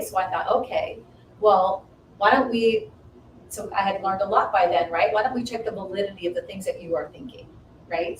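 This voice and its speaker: A woman in her fifties tells a personal story in relaxed conversation, mid-range in pitch. She brings the story to life by acting out the voices in it. The sound is roomy and a little distant, with a faint hiss behind her. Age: 50s. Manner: animated, acts out quoted dialogue with rising pitch. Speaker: guest. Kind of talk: storytelling in casual chat. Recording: echoey room, mic at a distance, faint noise.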